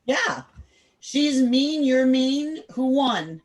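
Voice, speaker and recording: A woman leading an interactive online class over a video call, direct and firm, quizzing the group with quick questions. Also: high-pitched, animated, a little hiss or hum. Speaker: workshop instructor.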